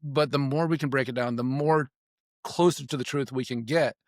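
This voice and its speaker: A man's voice: mid-range voice, steady tone, normal speed, no room sound, clean studio sound. A man talking casually and reflectively as a podcast guest, rambling with restarts. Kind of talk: casual conversation.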